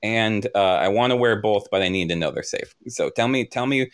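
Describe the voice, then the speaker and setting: A man playing his character in an improvised tabletop role-play over a voice call, lively and cursing freely. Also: lowish voice, brisk, smooth. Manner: animated, swears, acts out his character. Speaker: player.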